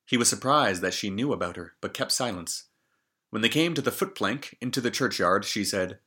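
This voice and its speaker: A man's voice: lowish voice, lively intonation, moderate pace, sharp tone, husky. A man reading a fairy tale aloud, stopping often for joking comments on the story. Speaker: storybook reader.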